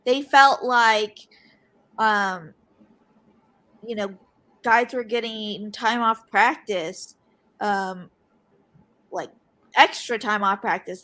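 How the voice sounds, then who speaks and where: A young woman reporter, a guest on a podcast, answering questions in a halting way with many fillers and restarts. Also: mid-range voice, bright, forceful tone. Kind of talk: podcast interview.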